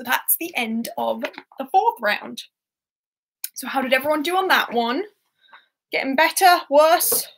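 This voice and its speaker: A woman's voice: sits high, normal speed, a bit bright. A young woman hosting an online quiz, chatty and giggly as she reads out scores and questions. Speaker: quiz host.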